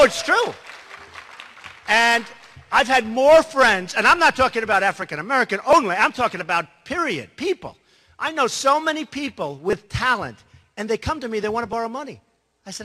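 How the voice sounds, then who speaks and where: A man's voice: very high voice, big pitch swings, moderate pace, bright, forceful tone. A man giving a rambling, boastful campaign speech, full of asides to the crowd. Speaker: political candidate. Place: large hall. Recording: reverberant hall.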